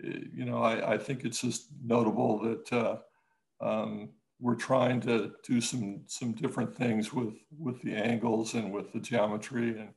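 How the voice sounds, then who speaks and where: A man, an architect, talking casually in an interview, halting with many restarts and growing lively when he tells a story. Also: mid-range voice, creaky, low-quality recording. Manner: halting, many restarts and fillers, animated when telling stories.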